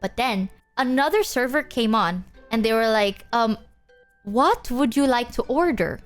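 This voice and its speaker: A young woman streamer telling stories to her chat in a casual, animated way, acting out exchanges with bursts of Japanese. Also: a little high, unhurried, soft background music. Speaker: VTuber streamer.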